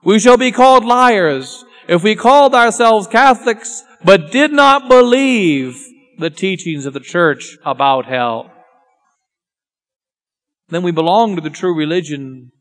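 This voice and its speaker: A man preaching a solemn sermon, grave and intense, often dropping to a hushed voice. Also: sits high, lively intonation, a little slow. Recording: long church reverb with faint music.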